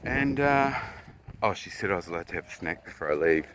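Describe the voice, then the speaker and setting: A man from New Zealand telling a personal story in a blunt, profane, casual way, often clearing his throat. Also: deep voice, expressive, a little fast, noisy background.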